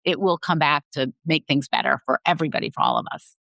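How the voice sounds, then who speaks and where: A woman's voice: deep voice, wildly swooping pitch, quick pace, vocal fry, fairly bright tone, dry recording. A woman sex therapist speaking frankly as a guest on an interview podcast, telling personal stories in a candid, open way.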